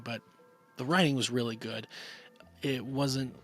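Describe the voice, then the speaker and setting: A man talks through a film review in a loose, rambling way, circling back with plenty of fillers and restarts. His voice is bright and forceful at a middle pitch, and soft music plays faintly underneath. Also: fairly even intonation, moderate pace. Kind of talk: casual spoken movie review.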